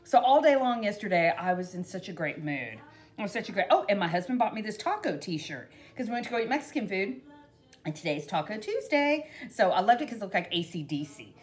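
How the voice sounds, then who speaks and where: Woman, middle-aged, casual craft vlog, animated pitch, rambling with "you know". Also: fairly quick. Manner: chatty, rambling, with frequent "you know" and laughs. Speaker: craft vlogger. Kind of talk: casual DIY tutorial chat.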